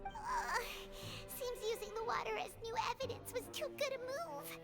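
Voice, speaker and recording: An actress voicing a tiny girlish fairy companion in a video game, squeaky and fretful. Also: sing-song, moderate pace, creaky, fairly bright tone, faint music behind, heavily acted. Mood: worried.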